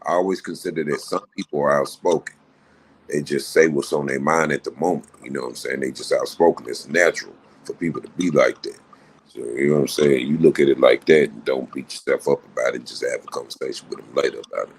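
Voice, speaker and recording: Deep-voiced laid-back man. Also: quick pace, breathy edge. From Memphis. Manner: laid-back, reassuring, repeats "you know what I'm saying". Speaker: livestream guest. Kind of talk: casual chat.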